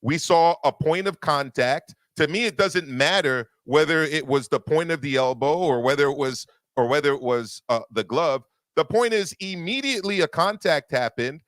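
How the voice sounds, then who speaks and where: A man's voice: on the high side, expressive, normal speed, fairly bright tone, no room sound. A man hosting a boxing talk show, arguing emphatically and repeating words as he builds his point. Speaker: boxing podcast host. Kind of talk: opinionated casual discussion.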